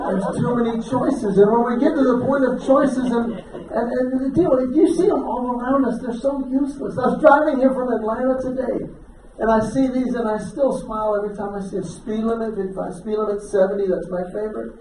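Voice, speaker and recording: A high-voiced man works a room as a stand-up comedian, animated and acting out both sides of conversations. His voice rings around an echoey hall, caught from a distance by the mic, with a noisy crowd behind him. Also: brisk. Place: banquet hall at a church men's ministry dinner. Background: audience laughter.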